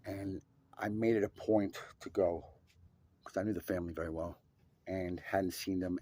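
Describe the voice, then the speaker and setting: A man telling a personal story in an emphatic, profane way, swinging between loud and hushed. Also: low voice, breathy edge.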